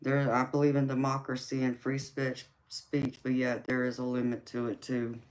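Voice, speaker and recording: This woman speaks at an extremely low pitch and a normal pace, her voice a little mellow and her delivery completely flat. She has a Southern Georgia accent, from the Southern United States, and works as a tarot reader and livestream host. On a casual live stream she reads out viewer comments, laughs often, and calls people honey and sweetheart.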